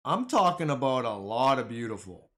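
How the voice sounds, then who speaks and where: A man streaming live about the stock market, talking back to his viewers in excitable, slangy, casual commentary. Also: medium pitch, normal speed.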